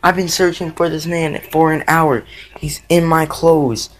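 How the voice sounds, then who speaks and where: Young guy cussing at a bug in his dark bedroom, slow talker, kinda high voice, faint hiss behind, phone cam. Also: flat delivery. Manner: swearing, exasperated, panicky. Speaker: vlogger. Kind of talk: casual vlog commentary.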